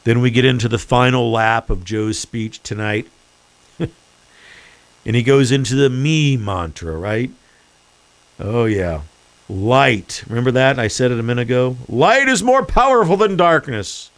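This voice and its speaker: A man's voice: medium pitch, a little slow, long pauses, no echo. A man hosting his own podcast, delivering a sarcastic, mocking political commentary monologue. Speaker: podcast host.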